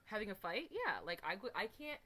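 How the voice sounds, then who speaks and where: A woman's voice: medium pitch, very animated, normal speed, pushed and bright. A woman streamer chatting casually to her viewers, rambling and emphatic, with casual swearing. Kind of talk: casual live stream chat.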